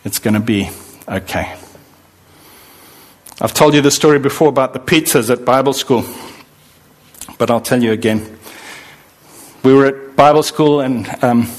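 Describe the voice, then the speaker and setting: A middle-aged man preaching a sermon, emphatic, acting out the voices he quotes. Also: medium pitch. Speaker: pastor.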